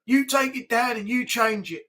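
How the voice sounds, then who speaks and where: A man's voice: extremely high pitch, moderate pace, pushed and bright. A man putting on the voice of a tough London hard man, threatening and swaggering, with a London accent. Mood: menacing.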